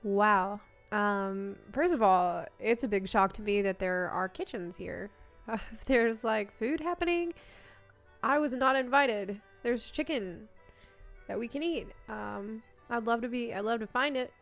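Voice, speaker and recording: Woman streamer, a touch high-pitched, wry deadpan humor, off-the-cuff game commentary over faint music. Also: unhurried, creaky. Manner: wry, playful, deadpan jokes. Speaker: streamer touring a game world.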